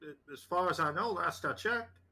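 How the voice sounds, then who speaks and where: Flustered small-town waitress, voiced by a man, bright and hesitant, tabletop game. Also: fairly high pitch, animated, moderate pace, voice pushed up, heavily acted. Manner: flustered, doubting herself. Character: flustered middle-aged waitress, woman.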